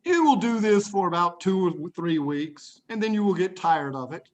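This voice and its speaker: A man teaching English writing to a class of young students, playful and animated, acting out examples and hushing the class now and then. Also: high voice, normal speed, muffled recording, slight background noise. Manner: playful, animated, acts out examples in little voices; talks to young students, often hushes the class. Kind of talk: classroom lesson to children.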